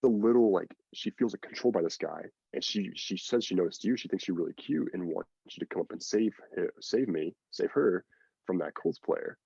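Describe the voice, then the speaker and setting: A man's voice: deep voice, lively intonation, a little fast, vocal fry, dark tone, breathy edge, dry recording, highs cut off. A man guest on a podcast, telling a long story in a rambling, casual way with lots of fillers and acted-out quotes. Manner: rambling, filler-heavy, acts out quoted lines.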